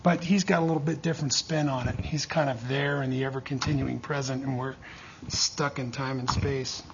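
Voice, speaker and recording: A man's voice: mid-range voice, fairly even intonation, normal speed, lo-fi sound, background noise. A man preaching a teaching sermon, checking in with his listeners again and again with call-and-response asides. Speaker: pastor teaching a church class.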